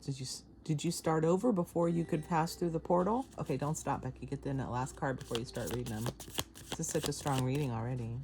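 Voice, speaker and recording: A woman giving a casual tarot reading to camera, chatty and excitable, laughing often and swearing casually. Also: low voice, quick pace, noisy background. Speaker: tarot reader.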